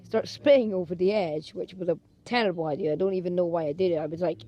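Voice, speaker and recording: A woman's voice: lowish voice, expressive, a little fast, dark tone. A young Scottish vlogger telling comic stories and switching into exaggerated character voices. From Scotland. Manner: jumps between narration and exaggerated character voices. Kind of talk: comedic storytelling with acted skits.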